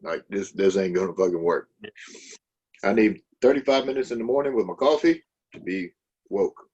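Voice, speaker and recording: A man tells a story with gruff, profane, dry humor. His voice is low and husky. The recording sounds dull and lo-fi. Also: moderate pace, a little mellow. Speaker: podcast guest. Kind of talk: casual podcast storytelling.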